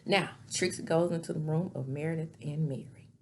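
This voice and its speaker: A woman's voice: sits low, a little fast, a little mellow, slight background noise. A woman giving a sassy, gossipy recap of a reality show, dropping whispered asides. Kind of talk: casual recap commentary.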